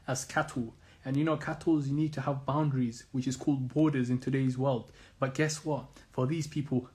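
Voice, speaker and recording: A man's voice: medium pitch, a little mellow. A man giving an earnest monologue as an Islamic commentator, insistent and repeating phrases and rhetorical questions.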